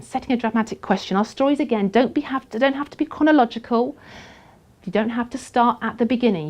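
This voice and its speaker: A woman teaching how to write a short personal story, emphatic and lively, now and then dropping to a soft, breathy aside. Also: medium pitch. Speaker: storytelling tutor. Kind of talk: instructional talk to camera.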